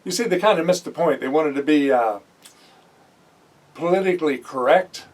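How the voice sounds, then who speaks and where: On poor audio recorded from a distance, a Bible teacher with a voice on the high side speaks at normal speed. He reads a passage aloud during his sermon, then breaks off to comment in a conversational way, with frequent fillers and self-corrections.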